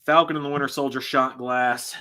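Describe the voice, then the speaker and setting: A man with a bright, forceful tone hosts a live reaction stream. He talks casually to his viewers, swears freely and breaks into loud, exasperated outbursts. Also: mid-range voice, steady tone, fairly quick. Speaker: host reacting live to wrestling.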